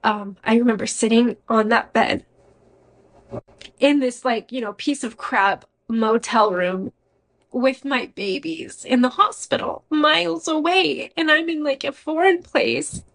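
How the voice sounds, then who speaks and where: A woman's voice: on the high side, unhurried, a bit bright, low-quality recording. A young adult woman, a podcast guest, giving a personal faith testimony in an earnest, emotional, conversational way with frequent "like" fillers.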